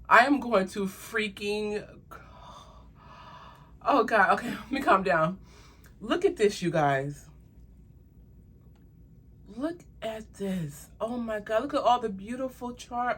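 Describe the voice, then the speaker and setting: A young woman vlogger reviewing jewelry in a casual unboxing, gushing and excitable, talking straight to her viewers. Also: mid-range voice, slow pace, pauses often, husky. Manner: gushing, excitable, addresses viewers as "you guys".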